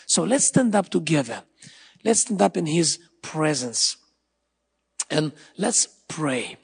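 A man's voice: fairly high pitch, creaky, darkish tone, husky. A man preaching a sermon in a church, emphatic, repeating his phrases and often calling out hallelujah. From Israel. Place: church hall. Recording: large hall with long reverb and faint music.

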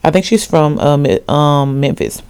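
A woman's voice: deep voice, unhurried, a little mellow, slight background noise. Chatty young woman rambling casually. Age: 20s. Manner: rambling, slangy, full of asides and fillers. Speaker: podcast host. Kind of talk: casual solo chat.

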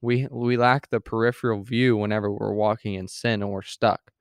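This man's low, smooth voice barely shifts in pitch as he co-hosts a casual faith podcast at a moderate pace. His talk meanders with frequent restarts, filler words and acted-out quotes, captured in studio quality with no room sound.

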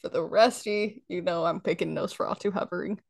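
A woman hosting a casual podcast chat, playful and animated, often laughing. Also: lowish voice, fairly quick, vocal fry, no echo, studio quality. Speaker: podcast host.

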